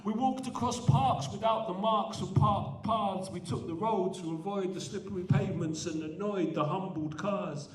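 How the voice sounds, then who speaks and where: A man's voice: high-pitched, moderate pace, few pauses. A man who performs spoken word poetry at a student event and jokes between poems. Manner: animated, self-deprecating between poems. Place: large indoor event hall. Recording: echoey hall, voice from a distance.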